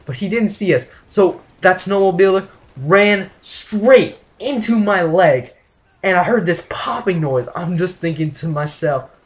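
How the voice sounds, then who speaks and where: A man's voice: high voice, normal speed. A young man from Canada telling a wild story to his viewers in a joking, exaggerated vlog style. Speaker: vlogger.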